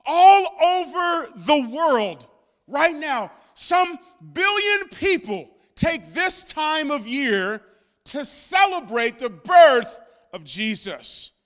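A man pastor preaching a sermon with impassioned delivery that climbs into shouts. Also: very high voice, very animated, slow. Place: church sanctuary.

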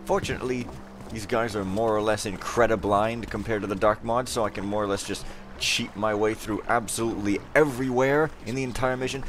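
A man's voice: fairly low pitch, steady tone, fairly quick, a little hiss or hum. A man giving casual let's play commentary, rambling with self-mocking, jokey asides.

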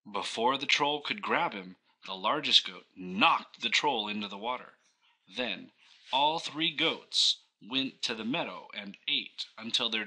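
A man reading a children's storybook aloud in a slow, expressive storytelling manner. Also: lowish voice, poor audio. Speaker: storybook reader. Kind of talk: children's read-aloud narration.

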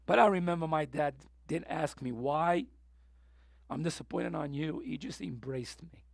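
A man preaching a sermon with passion, going from soft, tearful moments to loud, urgent appeals. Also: a little high, normal speed, creaky, no room sound, studio quality. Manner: impassioned, swings from soft to loud; emotional, near tears. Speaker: pastor.

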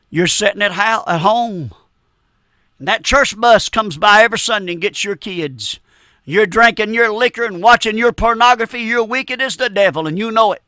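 A man's voice: high-pitched, moderate pace, sharp tone, no echo, clean studio sound. A man, preaching a fervent radio sermon, emphatic and repetitive, often calling his listeners friend. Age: 50s.

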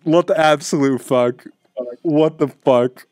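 A man's voice: a little high, takes it slowly, a little mellow, dry recording, clean studio sound. A man hosting a casual chat, exasperated and emphatic, who swears a lot. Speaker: host.

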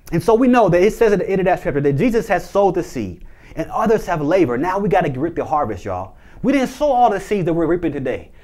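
High-voiced young male minister preaching. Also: darkish tone. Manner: conversational preaching with frequent restarts and asides. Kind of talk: sermon.

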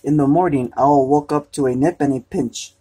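A man gently reading a children's storybook aloud, unhurried. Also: a little high, slightly rough.

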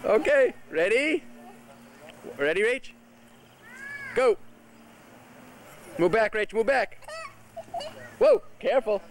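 A man's voice: very high voice, huge pitch swings, takes it slowly, long pauses, a little hiss or hum. A man filming a home movie outdoors in a suburban backyard, narrating casually and directing and cheering the children as they play. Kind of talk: casual narration behind the camera. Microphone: camcorder's built-in mic. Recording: camcorder audio with party chatter. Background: chatter of a backyard party crowd.

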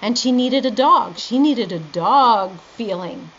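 A middle-aged woman teaching dream interpretation in a lively lecture, acting out both sides of a conversation. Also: on the high side, slow. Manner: animated storytelling, quoting both sides of a conversation. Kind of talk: lively lecture with acted-out dialogue. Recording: dull lo-fi lecture recording with faint noise.

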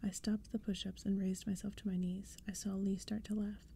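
Soft-spoken woman, whispered role-play reading. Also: mid-range voice, level tone, moderate pace, creaky, a little hiss or hum. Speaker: ASMR storyteller.

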